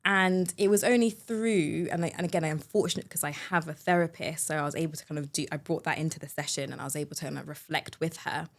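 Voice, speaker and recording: Woman podcast host, slightly low voice, chatty and lively, lots of restarts. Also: fast, creaky, hardly any pauses. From United Kingdom. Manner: chatty, animated storyteller, many fillers and restarts. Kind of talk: conversational storytelling.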